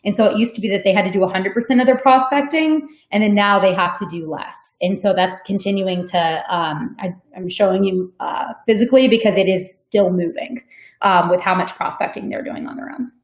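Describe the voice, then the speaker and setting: A woman's voice: medium pitch, a little fast. Chatty woman in an echoey room. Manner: conversational, frequent "um" and "like", laughs easily. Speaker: sales development manager on a webinar. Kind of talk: webinar Q&A, casual explanation.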